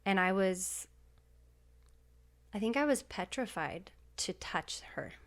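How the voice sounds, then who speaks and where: A woman's voice: medium pitch, animated, takes it slowly. A woman in her thirties, a podcast guest, telling a personal story in a heartfelt, emotional way with many fillers.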